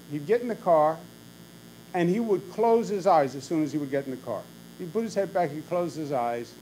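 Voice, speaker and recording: A man's voice: mid-range voice, a little mellow, a little hiss or hum, rough recording. A man, a governor telling wry anecdotes in a conversational public speech. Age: 60s.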